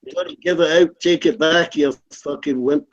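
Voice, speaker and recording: A man's voice: a little high, steady tone, moderate pace, highs cut off. A man, a regular in a live voice chat, talking bluntly and swearing hard. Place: at home, lying down.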